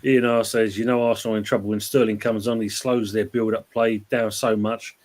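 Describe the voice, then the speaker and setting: Male host, casual football show; easygoing, reads live chat aloud, fairly low voice. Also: flat delivery, normal speed, a little mellow. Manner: laid-back, reads viewer comments aloud.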